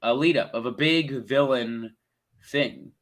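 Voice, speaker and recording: A young man talking movies with a friend, rambling from one thought to the next and getting worked up as he goes. His voice sits in an ordinary middle pitch, and he swears casually. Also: slow pace. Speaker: podcast co-host. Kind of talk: casual movie review chat.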